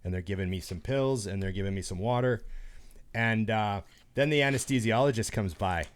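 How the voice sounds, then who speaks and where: A man's voice: lowish voice, brisk. Rambling man telling a story. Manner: rambling anecdotal storytelling with frequent restarts. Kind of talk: casual podcast chat.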